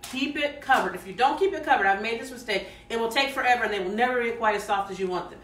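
A woman's voice: on the high side, quick pace, a bit bright. A woman with a Southern American accent hosting a live cooking stream, folksy and chatty, talking straight to her viewers and reading their comments aloud. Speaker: cooking show host. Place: home kitchen. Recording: roomy kitchen audio, mic set some distance away.

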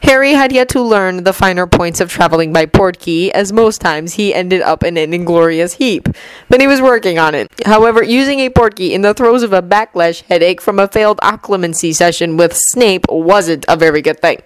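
A woman narrating a fan fiction audiobook in a steady storytelling manner. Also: on the low side, moderate pace, clear, resonant tone, no echo, poor audio.

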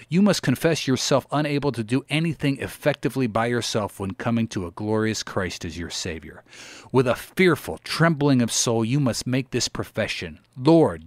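A man's voice: mid-range voice, no room sound. A man giving a dramatic reading of an old sermon, preaching in a solemn, emphatic and pleading way. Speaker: sermon reader.

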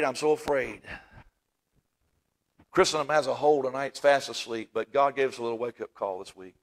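A man preaching a fervent sermon in a church, swinging from loud exclaiming to hushed asides. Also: mid-range voice. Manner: fervent, swings from shouting to near-whisper. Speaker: pastor. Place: church sanctuary.

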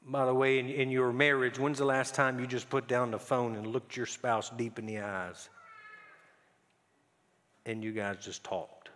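A man's voice: medium pitch, little pitch movement, a little slow, fairly bright tone. A man preaching a conversational sermon as a pastor, telling stories and often repeating words as he goes. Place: church sanctuary. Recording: long hall reverb.

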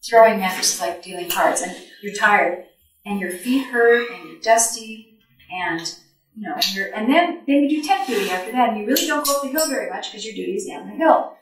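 A woman telling stories to an audience in an animated way, acting out her own past thoughts and often laughing. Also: medium pitch, brisk. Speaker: speaker sharing recollections. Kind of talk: storytelling talk to an audience. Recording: echoey hall from far off.

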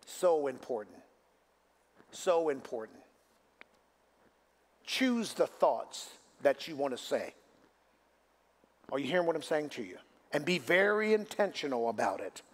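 Preaching in a church sanctuary, a male pastor speaks unhurriedly with long pauses, his voice on the high side and swinging widely in pitch. He poses call-and-response questions to the congregation and rises to emphatic, repeated declarations.

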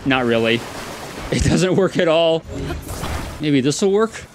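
A man's voice: fairly high pitch, lively intonation, slow, music in the background. A man streaming a video game, talking in casual, self-amused commentary as he plays.

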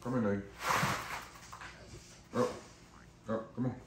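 A man's voice: fairly low pitch, slow pace, long pauses, a little mellow, reverberant, far from the mic. A man talking casually in a vlog, loose and slangy, coaxing and praising his big dog at home. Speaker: dog breeder vlogger.

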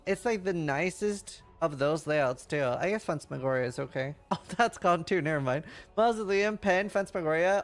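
A man streaming live, reading game patch notes aloud quickly and breaking into loud, excited reactions. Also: on the high side, vocal fry. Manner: reads lines quickly, then reacts with loud excited outbursts.

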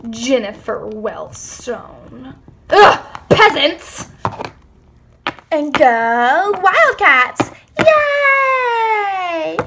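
A woman's voice: very high-pitched, expressive, background noise, full character voice. A stuck-up cheer captain who sneers at everyone, as a young woman puts her on. She drags out her words with lofty disdain in a toy cartoon skit. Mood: haughty. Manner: haughty, drawn-out. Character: snobbish rich girl cheer captain.

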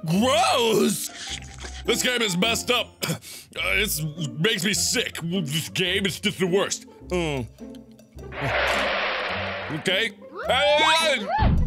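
Yelping, high-pitched man gaming. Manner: loud, exclaiming, yelping in pain. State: teary from wasabi burn. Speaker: gaming video host. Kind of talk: let's play commentary.

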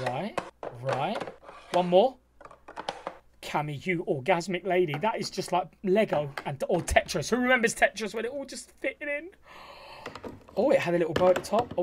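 A man's voice: high-pitched, noisy background. A man gushing through cheeky, camp reaction commentary. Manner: camp, cheeky, gasping and squealing. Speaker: reaction video host.

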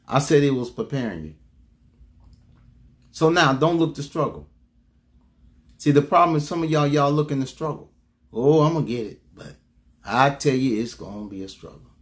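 A man preaching a sermon who repeats his key lines, calls out to the congregation for a response, and makes sudden leaps in pitch for emphasis. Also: animated, moderate pace, long pauses.

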